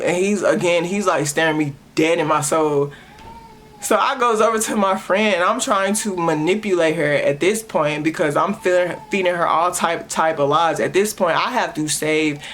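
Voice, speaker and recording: A man's voice: on the high side, a bit bright, slight background noise. A young man hosting a podcast, earnestly telling a personal story straight to his listeners with many restarts. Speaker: podcast host.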